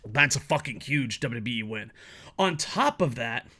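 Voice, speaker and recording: A man's voice: medium pitch, animated, a little slow, pushed and bright, breathy edge. A man giving a blunt, profanity-heavy solo opinion rant as a wrestling commentary YouTuber.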